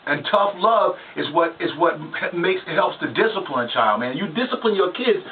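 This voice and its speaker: A man's voice: high voice, expressive, normal speed, far from the mic. A man hosting a radio talk show, preaching to parents and telling stories about his own childhood in an emphatic way. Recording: lo-fi phone-like line with hiss, off-mic.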